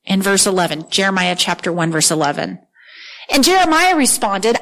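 A woman preaching a sermon with earnest, animated delivery, often repeating words as she reads scripture aloud. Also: medium pitch, normal speed, poor audio.

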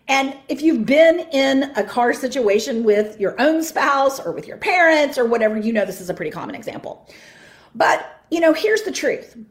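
Animated woman teaching on a podcast. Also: fairly high pitch. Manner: animated, repeats words while thinking. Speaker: podcast host and ministry teacher. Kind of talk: spoken teaching monologue.

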